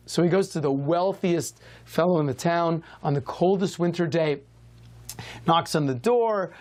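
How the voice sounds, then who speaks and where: A man, a rabbi hosting a TV show, answering viewers' questions in a lively, conversational teaching style. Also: on the high side. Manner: lively, conversational, varies pace a lot.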